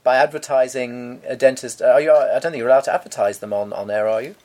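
A man's voice: mid-range voice, fast talker, darkish tone. A man co-hosting a podcast, explaining things and teasing his partner in casual chat. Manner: dry, teasing banter. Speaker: podcast co-host.

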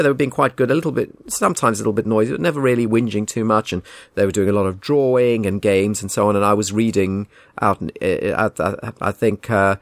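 A man's voice: lowish voice, gravelly, no room sound. A man telling a casual anecdote in a wry, indignant, rambling way. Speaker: storyteller.

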